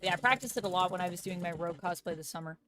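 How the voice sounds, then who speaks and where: A woman streamer with a lowish voice talks rapid-fire in a pushed, bright tone against slight background noise. Upbeat and playful, she laughs often, thanks viewers and reads chat aloud while moving around doing exercises during a casual live stream.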